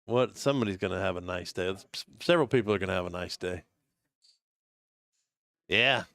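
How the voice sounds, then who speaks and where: A man with a fairly low voice chats through a live poker stream alongside his co-host. He comes across as laid-back and easily impressed, and he talks loosely and conversationally. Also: fairly quick, gravelly, fairly bright tone, no room sound. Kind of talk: casual live-stream commentary.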